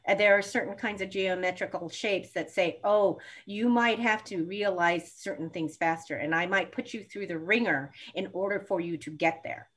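A woman's voice: on the low side, moderate pace, few pauses, a bit bright. A woman who reads astrology charts, answering audience questions in a live talk and acting out her own reactions. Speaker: astrology reader, co-host.

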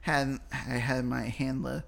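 A man co-hosting a podcast, deadpan and profane, spinning absurd tall tales. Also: mid-range voice, slow pace, creaky. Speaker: podcast co-host. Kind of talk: casual podcast banter.

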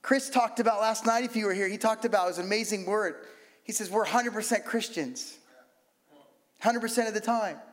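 A preacher delivers a sermon with lively, conversational energy, tossing in humorous asides. His voice sits a little high for a man. The sound rings with the long reverb of a big hall. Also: fairly quick. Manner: animated, humorous asides, mimics prayers.

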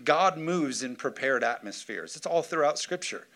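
A man pastor preaching a sermon in a church, lively and joking, calling on the congregation for amens. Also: on the high side, normal speed. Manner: lively preaching with jokes and call-and-response. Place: church sanctuary.

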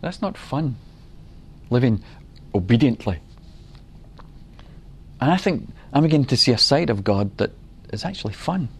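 A middle-aged man preaching a sermon, earnest and unhurried, telling stories and acting out quotes. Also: medium pitch, very animated, breathy edge.

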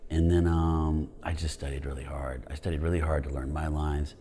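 A male actor telling a story in a casual chat, with halting, stammering restarts. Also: a bass voice, level tone, dark tone. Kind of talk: casual anecdote.

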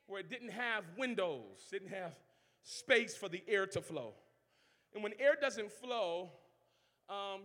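A very high-pitched man with a New Orleans accent preaches a sermon, shouting lines and calling out to the congregation. He breaks up the points with humor. His voice rings through the long reverb of a large church hall. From New Orleans, Louisiana. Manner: shouting preacher mixing humor and call-and-response.

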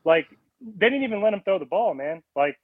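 A male caller vents about his team in heated, profane casual talk. His voice sits somewhat high. The sound is dry, with no room echo. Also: animated, brisk, narrow, tinny audio.

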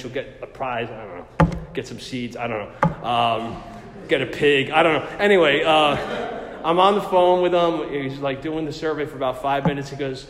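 A middle-aged man recounts a personal story in a chatty, self-deprecating way, stumbling through fillers. His voice sits at an ordinary pitch. It rings out in a roomy space with a long reverb tail. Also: a little hiss or hum. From New Jersey.

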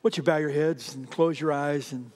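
A man's voice: fairly high pitch, steady tone, normal speed, darkish tone, big-room sound. A man preaching a sermon, telling a story earnestly and speaking directly to his congregation. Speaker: pastor.

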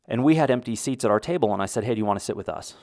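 A man's voice: medium pitch, lively intonation, racing, darkish tone, no room sound, studio quality. A middle-aged American man hosting a podcast, talking casually and rambling a little, with restarts. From United States. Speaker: podcast host. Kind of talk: casual monologue.

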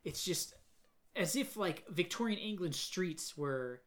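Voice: mid-range voice, lively intonation, slow pace, a little hiss or hum. A podcast co-host in casual chat, exasperated about a film and laughing as they talk. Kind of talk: casual movie review chat.

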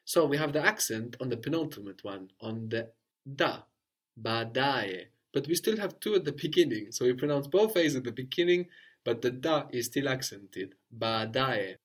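A man's voice: medium pitch, lively intonation, a little fast, slightly rough. A man teaching a language lesson, patiently prompting his student and repeating her answers.

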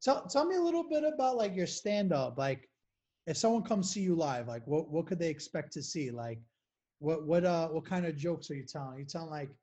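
Lively in intonation, low-pitched and mellow, this woman hosting a podcast speaks fairly quickly. Her questions come out casually, full of hesitations and filler such as "like" and "you know."

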